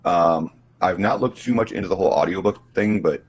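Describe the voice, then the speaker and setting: A man with a very deep, husky voice speaks in a relaxed call chat. He has a slight stutter and often restarts his sentences. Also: a little fast. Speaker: guest. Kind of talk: casual livestream chat.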